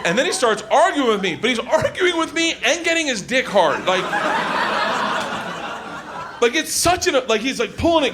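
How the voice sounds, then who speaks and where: Man, stand-up comedian, rowdy storytelling, high voice, noisy playback. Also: lively intonation, moderate pace, long pauses. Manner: loud, rowdy, laughing, acts out characters.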